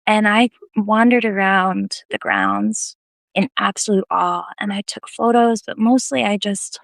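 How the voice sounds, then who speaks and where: Woman, casual live-video storyteller, lively and self-deprecating, dry close sound. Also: medium pitch, unhurried, vocal fry, dry recording. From United States. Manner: animated, laughing, self-deprecating.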